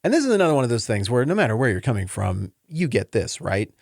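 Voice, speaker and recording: A man's voice: fast, gravelly, no room sound, clean studio sound. A man hosting a casual Bible teaching podcast, talking in an earnest, rambling and openly emotional way. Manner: conversational with lively pitch swings.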